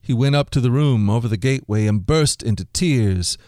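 A man hosting a daily Bible reading show for children, reading scripture and giving a short devotional, slowing down to stress key lines. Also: mid-range voice, no room sound, studio quality. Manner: expressive storyteller, slows down for emphasis.

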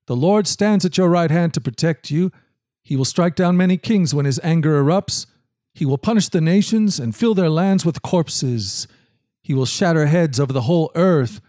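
A man giving a measured, solemn scripted Bible reading. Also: fairly high pitch, dark tone, dry recording, clean studio sound. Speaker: scripture reader.

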